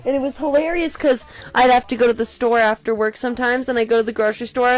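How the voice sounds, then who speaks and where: A woman's voice: on the high side, steady tone, fast. A young woman from Colorado, chatting loosely on a podcast, rambling and swearing freely. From Colorado, USA. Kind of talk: casual chat.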